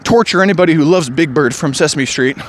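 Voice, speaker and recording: A man vlogging solo in a loose, digressive monologue. His voice sits a little high for a man, and he sighs now and then as he muses aloud. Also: quick pace. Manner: musing, digressive, sighs often.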